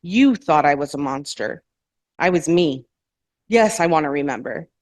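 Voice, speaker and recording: Woman reading as a mocking immortal sorceress, low voice, dry close sound, brisk lines. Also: animated, no echo. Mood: defiant. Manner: smirking, mocking, self-assured. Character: defiant ancient woman with fire powers.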